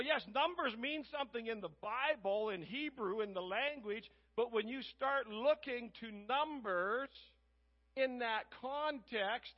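A man preaching a sermon, retelling a Bible story and acting out the characters in lively voices. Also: very high voice, dull audio. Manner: animated, acts out characters in different voices.

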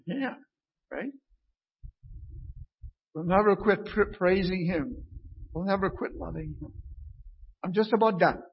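Slow, husky high-voiced male preacher. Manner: conversational, often asks "right?" of the listeners. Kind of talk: informal sermon with scripture reading. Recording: dull lo-fi recording.

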